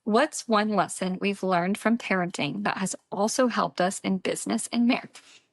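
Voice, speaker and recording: Creaky-voiced young mom chatting. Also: female voice, medium pitch, moderate pace, no room sound, clean studio sound. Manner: chatty, laughs while telling stories. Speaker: podcast co-host. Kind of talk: casual chat.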